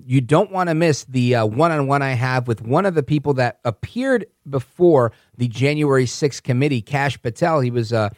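A man hosting a political podcast, talking in a calm, conversational way and correcting himself as he goes. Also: mid-range voice, moderate pace, few pauses, no echo, studio quality. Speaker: podcast host. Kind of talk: political commentary monologue.

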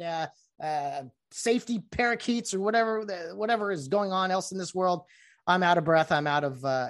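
A middle-aged man hosting a solo podcast, explaining rules in a chatty, rambling way with many fillers. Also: fairly high pitch. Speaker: podcast host. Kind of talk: casual solo podcast talk.

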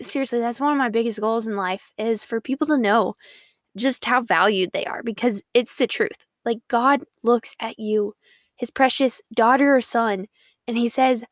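A young woman hosts her podcast alone, bubbly and earnest, rambling warmly from one thought to the next. Her voice sits a bit high for a woman. The sound is close and dry, with no room around it. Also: no echo. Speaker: podcast host. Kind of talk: casual Christian podcast monologue.

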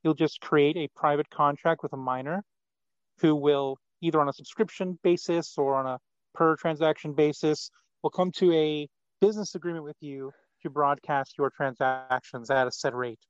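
A man's voice: fairly high pitch, fairly even intonation, moderate pace, clear, resonant tone, no room sound. A man as a podcast guest, blunt and dismissive in casual chat. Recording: dull lo-fi sound.

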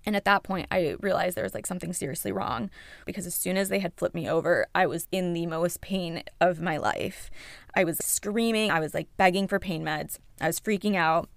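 A young woman with a low, gravelly voice tells her own story on her podcast. She speaks candidly, swears freely and acts out what she was thinking at the time. The sound is dry and close, with no room echo. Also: fairly even intonation, a little fast. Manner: candid, swears freely, relives moments in quoted thoughts. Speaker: podcast host. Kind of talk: personal storytelling.

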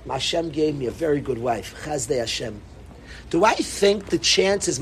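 A middle-aged man giving an animated Torah talk to students, repeating himself and bursting into emphatic calls. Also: high voice, slight background noise. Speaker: yeshiva rabbi.

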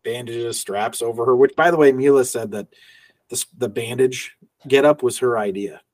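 A man's voice: medium pitch, moderate pace, a little mellow, no echo, far from the mic. A man co-hosting a movie podcast in casual chat, rambling and laughing often as he acts out little quotes. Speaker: podcast co-host.

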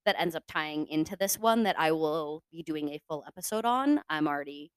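A woman's voice: sits low, expressive, fairly quick, clear, resonant tone, dry recording. A young woman hosting a casual podcast, chatty and swearing freely, with lots of fillers. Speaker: podcast host. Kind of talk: casual true-crime podcast chat.

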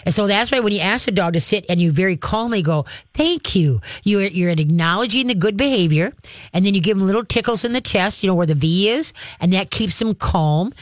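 A dog trainer hosting a call-in show, giving direct, practical advice and acting out calm commands to dogs. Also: mid-range voice, no echo.

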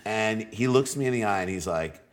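Animated low-voiced man telling a story. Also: a little fast. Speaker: comedian guest. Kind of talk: casual storytelling chat.

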